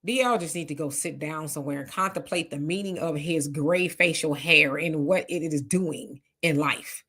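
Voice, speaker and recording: A woman hosting a casual live commentary, reading viewer comments aloud and reacting in an outspoken, animated way. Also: sits low, moderate pace, breathy edge.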